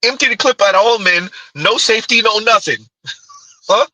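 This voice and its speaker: Reacting to clips on a casual stream, this man keeps up a teasing, giggly delivery at a normal speed. He has a high, very bright, slightly husky voice. The audio is dry and close with no echo, but low in quality.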